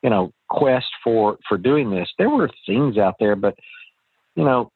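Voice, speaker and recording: A man's voice: on the low side, animated, unhurried, husky, no room sound. Chatty man on a tinny phone line. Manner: chatty, folksy storyteller with many restarts. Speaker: real estate investor guest. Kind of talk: casual interview talk.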